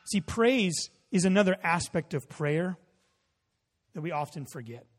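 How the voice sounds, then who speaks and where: A man's voice: high-pitched, lively intonation, a little slow, a little hiss or hum. A male pastor preaching a sermon, telling a story and acting out the dialogue in it. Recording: long hall reverb.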